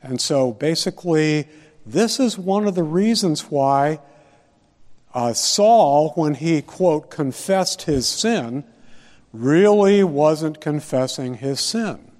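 A man teaching a Bible study lecture, deliberate and posing rhetorical questions to his listeners. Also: fairly high pitch, animated, darkish tone, long reverb tail.

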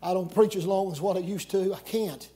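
A middle-aged man preaching a camp meeting sermon, folksy and joking, breaking into shouts. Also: high voice, fairly quick. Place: church camp meeting with congregation.

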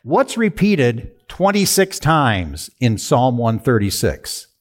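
A male preacher delivers a sermon in a measured, unhurried way. His pitch swings widely and expressively as he poses questions to the congregation and then answers them. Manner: lively preaching, rhetorical questions. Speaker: pastor.

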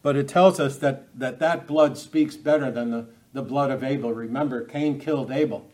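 A man preaching a verse-by-verse sermon at a middling pitch. He speaks off the cuff, often restarting phrases and asking his listeners rhetorical questions. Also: normal speed, a little mellow. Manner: unscripted, many restarts, asks the audience rhetorical questions. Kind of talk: expository sermon.

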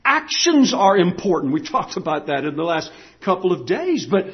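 A man preaching a sermon as pastor, emphatic, repeating key phrases and swinging from loud declarations to hushed lines. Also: high voice, big pitch swings, normal speed, hardly any pauses, highs cut off.

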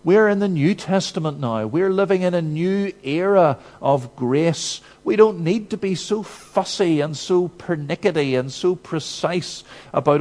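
A man's voice: fairly high pitch, a little mellow. A male preacher mimicking a dismissive churchgoer who scolds others for keeping old rules. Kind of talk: sermon with acted quotes.

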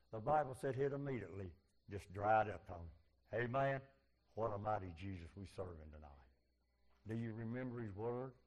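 A man preaching a sermon in folksy, fervent speech, swinging from loud cries to low, quiet passages. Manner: fervent, rising to loud shouts and dropping low.

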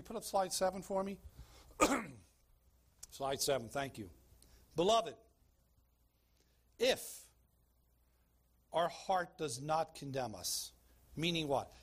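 Emphatic male pastor preaching. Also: on the high side. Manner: emphatic preaching, asks the church questions, calls for slides. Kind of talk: sermon.

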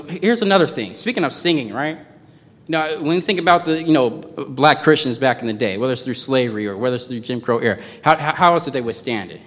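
A man preaching a sermon in a conversational way, moving between low asides and loud, drawn-out emphasis. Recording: long hall reverb.

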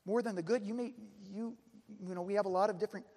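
A man preaching a sermon earnestly, dropping soft then pressing hard. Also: high-pitched, steady tone, fast talker, big-room sound. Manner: earnest, swings between soft and emphatic.

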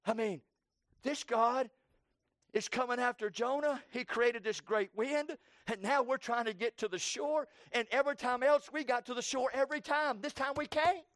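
A man preaching a sermon with fervor, swinging between loud cries and hushed tones and repeating his phrases for emphasis. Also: very high-pitched, moderate pace, dry recording, clean studio sound.

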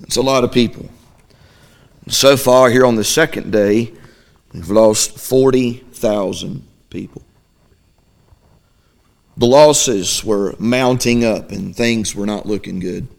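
A man preaching a midweek sermon as pastor, reading scripture and acting out the Israelites' voices in an animated, folksy style. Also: medium pitch, takes it slowly, vocal fry, pauses often.

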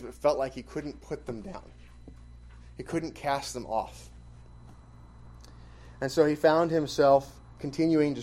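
A man delivering a sermon, his voice mellow and warm in tone. He punches key phrases with sudden bursts of volume, then drops back to an even teaching voice. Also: medium pitch. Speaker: preacher.

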